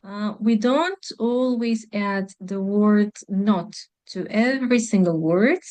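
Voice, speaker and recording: Woman, English teacher for a video lesson, unhurried, mid-pitched, explains step by step with fillers. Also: a little mellow. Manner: slow, careful explaining with "um" and "like".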